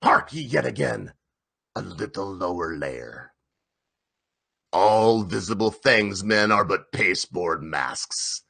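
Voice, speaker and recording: A man's voice: animated, slow, gravelly, breathy edge, heavily acted. A man doing a raging old sea captain. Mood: brooding. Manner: booming, ranting, half-sobbing shouts. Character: fierce old obsessed male whaling captain.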